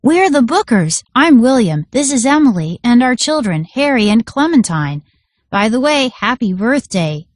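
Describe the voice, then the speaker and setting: A woman voicing a tiny, eager, formal magical father in a storybook, breathless and raised in pitch. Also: very animated, moderate pace, dry recording, clean studio sound.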